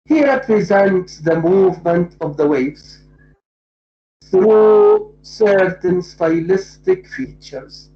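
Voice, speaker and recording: A literature lecturer explaining a poem, speaking deliberately and repeating key points to make them plain. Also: medium pitch, sing-song, gravelly, soft background music. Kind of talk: poetry lecture. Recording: dull lo-fi recording.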